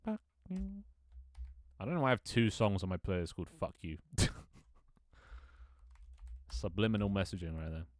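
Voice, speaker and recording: A man with an English accent talks casually to his stream in a lowish voice. He rambles, jokes and swears freely. The sound is close and dry, with no room around it. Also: no room sound. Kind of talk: casual live-stream chat.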